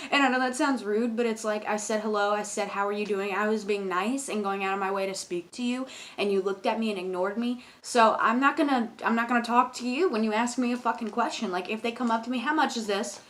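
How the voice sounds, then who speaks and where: A young woman who works as a cashier, ranting casually and profanely about customers with exasperated emphasis. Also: medium pitch. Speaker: convenience store cashier.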